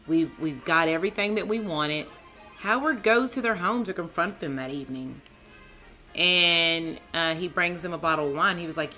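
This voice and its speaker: A woman with a low yet bright, forceful voice, talking slowly through a casual TV episode recap. She is excitable and chatty, addressing her co-host and viewers with lots of "like", "man" and "dude". Faint music plays behind her. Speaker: TV show reviewer, channel host.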